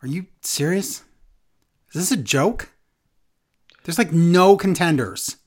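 A woman's voice: lowish voice, slow. A woman co-hosting a casual wrestling recap, sarcastic and exasperated, mocking what she describes. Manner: sarcastic, exasperated, mocks quotes in silly voices. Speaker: wrestling podcast co-host.

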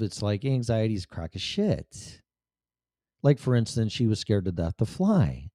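Animated, blunt-talking man. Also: medium pitch, no room sound, studio quality. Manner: blunt, profane, animated storytelling. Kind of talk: personal storytelling monologue.

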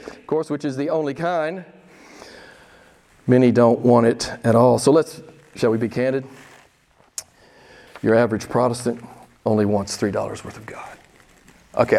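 A man's voice: medium pitch, normal speed, long pauses, darkish tone. A pastor in his sixties preaching a candid, conversational sermon and putting pointed questions to his congregation in a church. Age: 60s. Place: church sanctuary.

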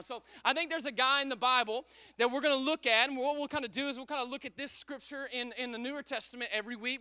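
A male pastor delivers an energetic sermon in a strikingly high voice. His tone is very bright and sharp. He repeats phrases and keeps calling on the congregation to answer. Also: clear, resonant tone. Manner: energetic, repetitive, calls out to congregation. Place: church service.

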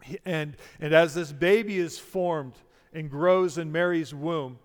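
A middle-aged man preaching a sermon as pastor, prayerful and conversational, often restarting words and dropping quiet. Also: a little high, measured pace, big-room sound. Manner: prayerful, softening to near-quiet, with many restarts.

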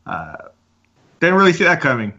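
Podcast co-host, male, bright forceful voice, chatty and rambling, lo-fi sound. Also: on the high side, very animated, moderate pace. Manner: rambling with many fillers and laughs. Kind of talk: casual chat.

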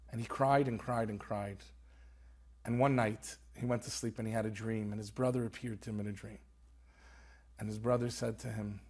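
A man's voice: lowish voice, fairly even intonation, moderate pace, a little mellow. A man, an author and rabbi, telling a story earnestly in conversation and peppering it with Hebrew terms. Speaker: author guest.

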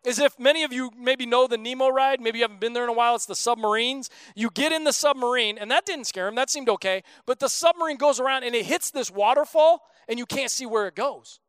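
A man's voice: very high voice, fast, few pauses, fairly bright tone, smooth, no echo. A man in his thirties preaching a sermon as a pastor, in a casual, joking, conversational way.

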